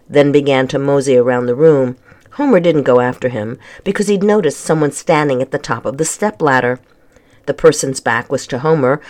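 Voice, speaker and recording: Calm, measured storybook reader. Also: mid-range voice. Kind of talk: storybook read-aloud.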